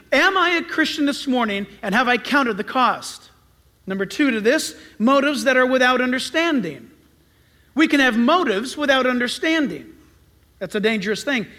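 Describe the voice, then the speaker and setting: A man's voice: very high voice, sharp tone. A man preaching as pastor in a sermon, emphatic and repeating lines for stress.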